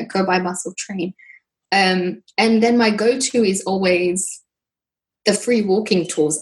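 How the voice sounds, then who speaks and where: A woman's voice: medium pitch, rough recording. A woman from Britain, a guest chatting casually and telling stories with lots of fillers. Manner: chatty, lively storytelling with frequent fillers. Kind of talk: casual conversation.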